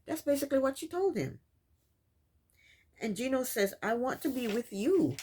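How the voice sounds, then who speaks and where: A woman's voice: high-pitched, big pitch swings, normal speed, darkish tone, slightly rough. A woman hosting a casual recap of a reality show, telling the events in her own words and scolding the people in it. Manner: sassy, scolds the people on screen.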